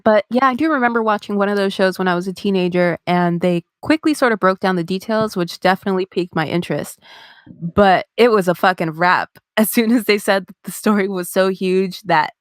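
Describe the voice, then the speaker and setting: A woman's voice: medium pitch, a little fast, no echo, clean studio sound. A woman in her thirties co-hosting a podcast, telling a story in casual chat, swearing and laughing often. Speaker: podcast co-host.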